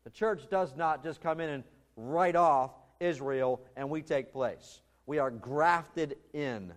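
A man delivering a sermon from the pulpit with earnest, emphatic conviction. His voice sits a little higher than most men's. He presses key points hard and sometimes restarts a phrase mid-thought. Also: slow. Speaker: pastor.

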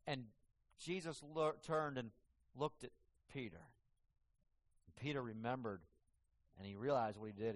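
A man preaching a sermon as pastor, swinging from hushed, low passages to emphatic, raised ones. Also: long reverb tail. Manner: dramatic, swings from hushed to emphatic, acts out quoted voices.

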